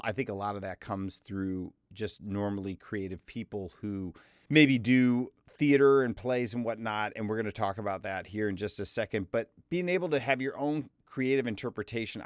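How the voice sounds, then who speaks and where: American male voiceover coach, low voice, dry close sound, punchy step-by-step delivery. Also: no room sound. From United States. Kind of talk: instructional walkthrough.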